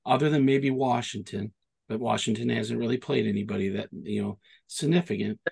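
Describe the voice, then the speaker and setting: A middle-aged man from Michigan co-hosts a podcast, telling rambling stories in easy chat. His voice is gravelly, with a husky grain, and he restarts sentences as he builds up to his point. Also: medium pitch, a little fast, a little mellow. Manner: rambling storyteller, restarts often. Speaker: podcast co-host. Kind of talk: casual chat.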